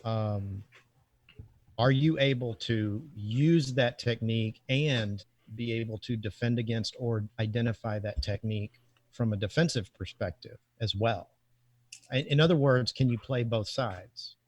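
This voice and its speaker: A man's voice: medium pitch, measured pace, darkish tone. A man hosting a podcast interview, asking probing questions and rephrasing them to press the point. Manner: probing, restates his questions. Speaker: podcast host.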